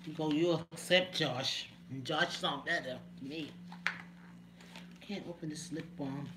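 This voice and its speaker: A chatty woman on a home live stream talks to her viewers by name, laughing between remarks. The recording carries a clear hiss of background noise. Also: low voice, unhurried.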